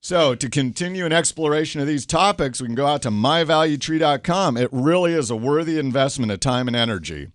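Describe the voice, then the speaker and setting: A middle-aged man hosting a talk, coaching through conflict with animated stories and acted quotes. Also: on the high side, brisk, hardly any pauses, no echo, studio quality. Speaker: host and coach. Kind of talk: casual talk show conversation.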